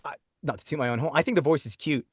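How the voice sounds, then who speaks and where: A man with an Australian accent, chatting as a guest in an interview, talking in quick restarts and laughing easily. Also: a little high, breathy edge, no echo, clean studio sound. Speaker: guest voice actor. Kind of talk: casual interview chat. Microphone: own microphone.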